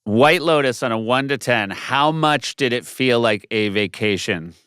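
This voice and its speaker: A man's voice: medium pitch, lively intonation, measured pace, fairly bright tone, smooth, no echo, studio quality. A man hosting a podcast, asking playful, jokey questions in a casual interview. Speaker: podcast host.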